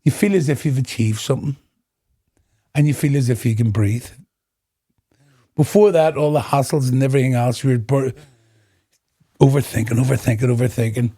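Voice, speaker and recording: A middle-aged Northern Irish man, a guest in a podcast interview, relates his personal testimony and acts out the dialogue, laughing as he goes. His accent is Northern Irish; his husky, mid-range voice keeps a moderate pace with long pauses.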